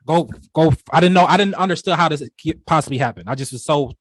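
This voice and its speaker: A man's voice: a little high, fast, dry recording. Rambling young man telling a story. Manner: rambling, full of "you know" and restarts. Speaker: podcast co-host. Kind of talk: casual storytelling chat.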